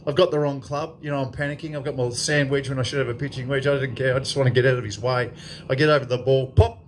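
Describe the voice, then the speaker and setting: There's slight background noise as this Australian after-dinner speaker in his fifties rattles off a profane yarn at a fast clip. His medium-pitched voice carries a lively anecdote to the crowd in a club function room.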